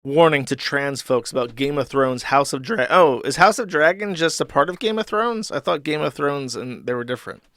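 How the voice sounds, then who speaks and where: A man's voice: a little high, expressive, normal speed, few pauses, a bit bright, no room sound, clean studio sound. A male host giving sardonic, profane live-stream commentary while reading chat aloud.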